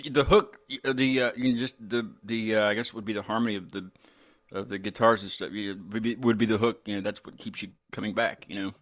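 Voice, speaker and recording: A man hosting a casual interview, rambling and halting, with many restarts. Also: lowish voice, fairly even intonation, fairly bright tone. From United States. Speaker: podcast host.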